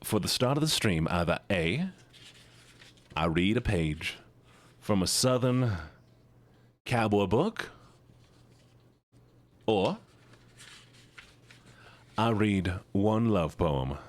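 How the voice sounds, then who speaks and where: Animated low-voiced male streamer. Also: takes it slowly, pauses often. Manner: playful, self-mocking, with sudden jumps in pitch. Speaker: livestreamer. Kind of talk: casual chat to stream viewers.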